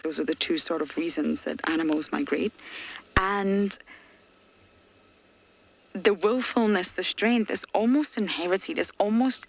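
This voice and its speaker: Lady safari guide chatting from the truck, low-ish gravelly voice, explains stuff, hushes now and then. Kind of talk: live safari commentary. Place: outdoors in a game-drive vehicle.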